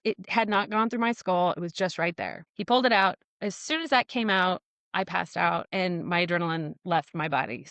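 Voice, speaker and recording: A woman speaks on a podcast in a candid, blunt way, swearing freely and acting out what other people said as she tells her story. Her voice sits at a middling pitch. The sound is dry and close, with no room echo. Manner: blunt, profane, animated retelling with quoted dialogue. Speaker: podcast guest.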